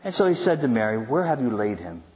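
A man's voice: mid-range voice, big pitch swings, fast. A male pastor preaching a sermon, retelling scripture in a conversational, storytelling way with wry asides. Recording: dull sound with long hall reverb.

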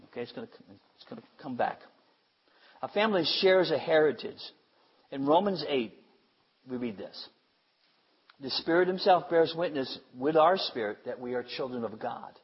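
A man preaches a sermon emphatically, repeating phrases and swinging between loud declarations and hushed asides. His voice is a little high and slightly rough, and the audio is dull.

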